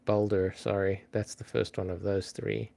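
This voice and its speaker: A man's voice: lowish voice, level tone, normal speed, vocal fry, mellow. A man hosting a live-stream trivia game in a casual, chatty way, thinking aloud and greeting viewers by name.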